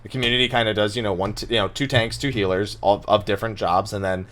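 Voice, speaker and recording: A man hosting a casual gaming podcast, talking in an animated way, swearing and laughing often. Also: lowish voice, fast talker. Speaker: podcast host.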